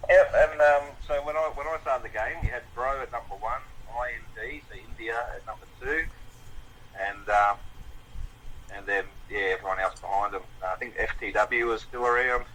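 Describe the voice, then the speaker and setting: A man's voice: medium pitch, brisk, pushed and bright, a little hiss or hum, low-quality recording. A man from Melbourne with an Australian accent, chatting casually as a podcast guest and swearing freely. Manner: laid-back, swears freely. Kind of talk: casual chat.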